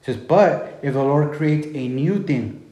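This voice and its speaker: A man's voice: a little high, unhurried, mellow. Guy preaching, reads scripture then retells it all casual, roomy echo. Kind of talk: sermon.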